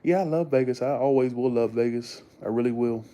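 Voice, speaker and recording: A young man with a drawl talks casually to his viewers, rambling and enthusiastic, with curse words dropped in freely. His voice sits in a mellow, darker register at an ordinary middle pitch. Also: a little fast. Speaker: vlogger talking to viewers. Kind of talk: casual chat.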